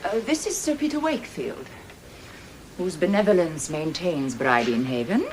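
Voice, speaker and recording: Picture a woman playing a prim, exasperated hospital administrator. Her voice is mid-pitched but lilts up and down a great deal. A faint room hum sits behind her. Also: lively intonation, normal speed, natural voice. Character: prim, flustered woman running a mental hospital. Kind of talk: 1980s sitcom acting.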